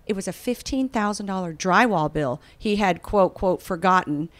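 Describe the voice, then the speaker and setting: A woman, a business founder telling her story in a casual interview, animated and acting out other people's voices. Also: medium pitch, normal speed. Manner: animated, acts out quoted voices. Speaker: guest, bakery founder.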